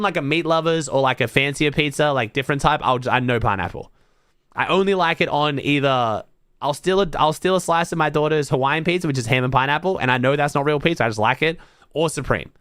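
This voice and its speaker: Aussie guy streaming, bit higher voice, swears a lot, talks fast. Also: a bit bright, no echo, clean studio sound. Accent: Australian. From Australia. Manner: blunt, swears often, thinks aloud. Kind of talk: casual livestream chat to viewers.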